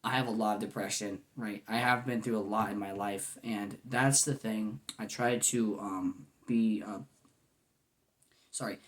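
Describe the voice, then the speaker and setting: A man's voice: lowish voice, fairly even intonation, a little slow, fairly bright tone. A man in his twenties talking to camera in a goofy yet earnest, rambling way, full of "man" and "you know". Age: 20s. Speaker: vlogger. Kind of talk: casual heartfelt monologue.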